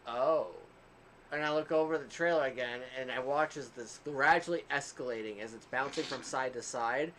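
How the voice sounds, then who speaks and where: A man's voice: mid-range voice, a little fast, hardly any pauses, slight background noise. A man co-hosting a casual podcast, telling a long rambling story with frequent laughs and asides. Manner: self-described quieter one. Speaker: podcast co-host.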